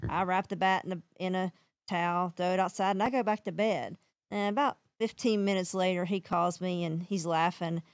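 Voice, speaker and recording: A woman's voice: on the low side, moderate pace, clear, resonant tone, no echo. Chatty woman co-host, dry sound. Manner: lively, chatty narrator. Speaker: podcast co-host. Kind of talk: casual storytelling chat.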